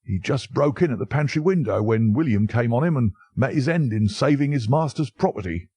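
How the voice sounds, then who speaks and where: A man voicing an excited male butler who gasps out urgent news. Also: mid-range voice, brisk, husky, no echo, pitched above the performer's own voice. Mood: alarmed. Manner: gasping, urgent. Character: excited male servant, breathless bearer of bad news.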